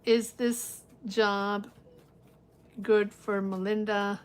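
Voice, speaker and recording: A woman's voice: medium pitch, little pitch movement, very slow, smooth. A woman giving a live-stream tarot reading, chatty and reassuring, thinking aloud with lots of fillers. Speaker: tarot reader.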